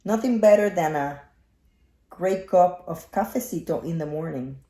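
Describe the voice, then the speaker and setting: A woman in her forties hosting a casual morning talk show, speaking softly with many fillers. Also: fairly low pitch, animated, echoey room. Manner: slow, soft-spoken, many fillers. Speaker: show host.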